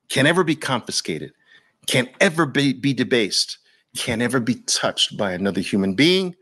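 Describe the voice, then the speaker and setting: A man's voice: medium pitch, sharp tone. A man giving a persuasive masterclass talk as a trading educator, emphatic, with repeated punchy lines and rhetorical questions. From Brooklyn, New York.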